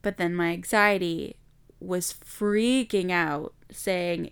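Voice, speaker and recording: Slow, candid woman with a gravelly edge. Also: fairly low pitch, a bit bright. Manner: candid, reflective, slow and emotional. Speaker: podcast host. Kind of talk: personal storytelling monologue.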